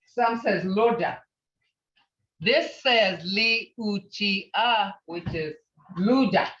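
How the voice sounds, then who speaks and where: Woman language teacher, unhurried and bright, patient drill of words; roomy, dull recording. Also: mid-range voice, recorded from a distance. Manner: patient, sounds out each word slowly and repeats it. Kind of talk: teaching a beginner language class. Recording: echoey, dull lo-fi class recording.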